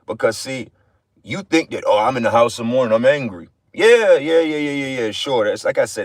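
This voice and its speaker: A man's voice: medium pitch, no echo. A man giving an informal livestream sermon, blunt and profane, repeating phrases for emphasis. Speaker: livestream preacher.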